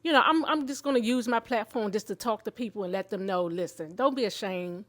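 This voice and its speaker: Heartfelt woman in her fifties, higher voice. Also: fast. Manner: heartfelt, candid, emotional storytelling; faith-filled and expressive. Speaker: show host sharing her own story. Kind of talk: personal testimony in conversation.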